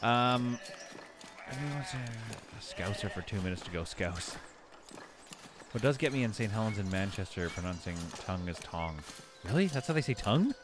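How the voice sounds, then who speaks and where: A man's voice: fairly low pitch, animated, normal speed. A man giving casual live commentary while he plays a city-building game, rambling and correcting himself as he thinks aloud.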